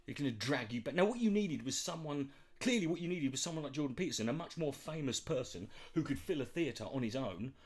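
A man's voice: medium pitch, lively intonation, fast. A man ranting sarcastically and mocking the clips he reacts to. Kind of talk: sweary comedic rant.

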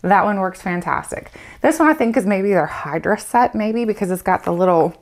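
A woman's voice: mid-range voice, expressive, moderate pace. A woman in her thirties chatting candidly through a beauty product review, with lots of "like" fillers. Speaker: beauty vlogger reviewing samples.

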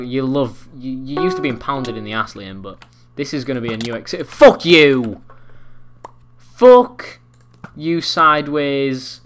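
A sixteen-year-old boy doing excitable, foul-mouthed gameplay commentary, trash-talking other players. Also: medium pitch. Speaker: gaming commentator.

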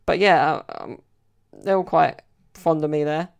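A young man's smooth, creaky, rather high voice moves unhurriedly as he tells stories on his solo podcast. The talk is casual and chatty, rambling along with frequent "like" and "you know."

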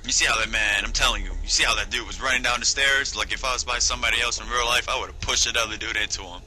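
A man giving casual let's-play commentary on a game, joking, swearing and bursting into high shrieking voices. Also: steady tone, fast, hardly any pauses, sharp tone, slight background noise. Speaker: gameplay commentator.

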